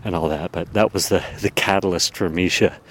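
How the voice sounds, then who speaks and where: This podcast host has a low, steady voice and a brisk delivery, recorded outdoors in a town with a little background noise. He chats loosely about himself, dropping plenty of fillers and self-mocking remarks.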